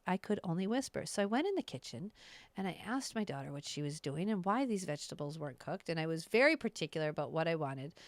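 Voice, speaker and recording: A woman podcast host and astrologer telling a personal story in a casual, animated, self-mocking way, often laughing. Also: medium pitch, no echo.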